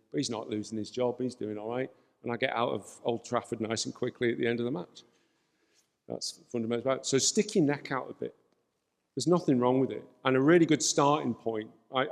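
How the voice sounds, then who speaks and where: Male panelist, gravelly, animated anecdotal delivery; reverberant hall. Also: medium pitch. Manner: animated, storytelling. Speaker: panel speaker. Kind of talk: lively anecdotal panel talk. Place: event hall, shared microphone.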